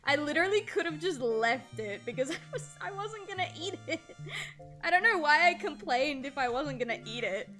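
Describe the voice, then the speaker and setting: Bright-voiced young woman rambling casually. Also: sits high, lively intonation, moderate pace, faint music behind. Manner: rambling, slangy, swears freely. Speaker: streamer and artist. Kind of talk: casual livestream chat while drawing.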